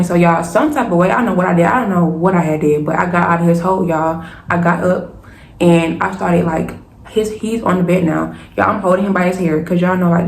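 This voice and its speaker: A young woman, telling a personal story to her viewers in a lively, casual way and calling them y'all. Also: fairly low pitch. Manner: animated, keeps addressing viewers as y'all. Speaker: storytime vlogger. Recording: echoey room with faint hiss.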